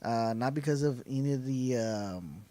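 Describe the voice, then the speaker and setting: Excited Texan man, dry close sound. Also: mid-range voice, moderate pace, no room sound. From South Texas. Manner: enthusiastic, rambling with many fillers. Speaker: podcast co-host. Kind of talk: casual chat.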